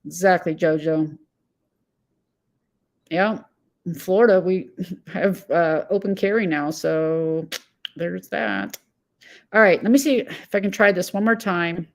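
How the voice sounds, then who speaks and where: A woman's voice: lowish voice, takes it slowly, long pauses. A woman hosting a casual live-stream commentary, agitated and blunt, reading chat messages and answering viewers by name. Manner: rambling with fillers and self-corrections.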